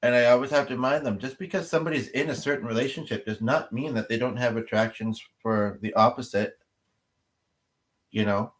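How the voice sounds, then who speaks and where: Guy on a livestream just rambling to chat, wanders off topic a lot, thinking out loud. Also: mid-range voice, fairly even intonation, fairly quick. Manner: rambling and digressive, thinking aloud. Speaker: livestream host. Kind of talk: casual chat with viewers.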